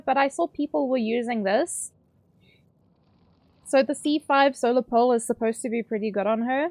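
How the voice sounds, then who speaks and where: A high-pitched woman streams a game, chatting casually with her viewers. She's excitable and swears, squealing whenever she gets her pulls.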